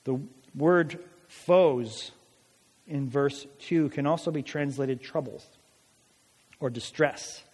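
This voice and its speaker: Emphatic preacher in a reverberant hall. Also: male voice, mid-range voice, slow, pauses often, a little mellow. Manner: dramatic, emphatic preaching with rhetorical questions. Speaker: pastor. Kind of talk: sermon. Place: church hall.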